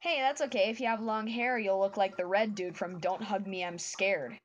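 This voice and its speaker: A woman's voice: mid-range voice, steady tone, normal speed, highs cut off, a little hiss or hum. A young woman streaming her drawing and chatting with viewers in a casual, giddy way. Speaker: art streamer. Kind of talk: casual chat while drawing.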